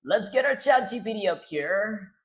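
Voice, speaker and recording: A man chatting casually on a livestream, rambling, mocking himself and often clearing his throat. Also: sits high, animated, normal speed. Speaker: streamer.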